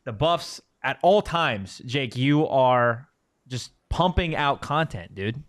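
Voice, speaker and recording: A relaxed male sports podcast host. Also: medium pitch, slow pace, no echo, studio quality. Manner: relaxed, teasing banter. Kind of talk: casual sports show chat.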